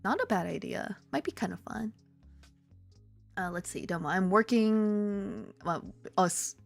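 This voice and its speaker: A woman streamer talks casually with her viewers, telling stories that jump up into high, excited exclamations. Her pitch swings widely and the sound is dry and close. Faint music plays underneath. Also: a little slow, vocal fry, dry recording. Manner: animated storytelling, swearing, laughing, jumps to high excited exclamations. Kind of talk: casual chat reading viewer comments. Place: lives in Korea.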